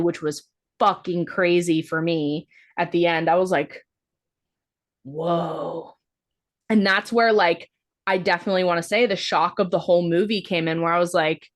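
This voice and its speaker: A woman co-hosting a podcast, recapping a film in a casual, rambling way, full of "like" fillers and the odd swear word. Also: lowish voice. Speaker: podcast co-host. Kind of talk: casual movie-review chat.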